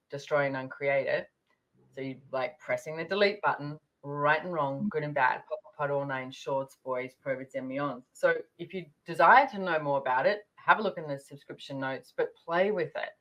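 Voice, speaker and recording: A woman's voice: sits low, moderate pace, fairly bright tone, muffled recording. A woman hosting a podcast, talking casually and telling stories with lots of fillers. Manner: chatty, storytelling, many fillers. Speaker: podcast host.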